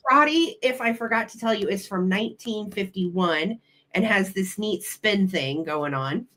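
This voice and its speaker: Her voice is mid-range and fairly bright, with lively intonation and a measured pace. She's a middle-aged woman running a live vintage auction, cooing over old children's books, reading them aloud, taking bids and chatting delightedly with viewers.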